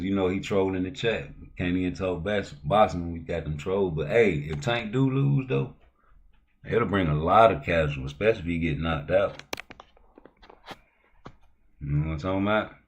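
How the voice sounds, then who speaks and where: Deep-voiced man ranting on a livestream. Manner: loose, profane slang-heavy banter; heated, rising to loud outbursts. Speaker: livestream host. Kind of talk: casual livestream talk.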